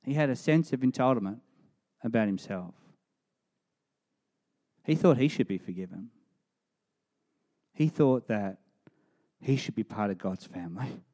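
A man preaching a sermon, emphatic and animated as he tells the story. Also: lowish voice.

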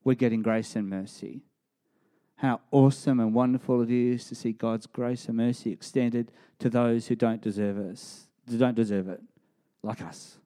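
A man preaching a sermon, emphatic and animated as he tells the story. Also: mid-range voice, normal speed.

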